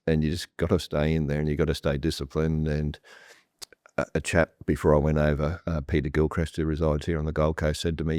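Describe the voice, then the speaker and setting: A property developer guest with a deep, slightly mellow voice tells a story on a panel in a room with a live audience, speaking plainly and bluntly and often restarting his sentences. His delivery is flat and brisk, and the sound is close and dry with no room sound around it.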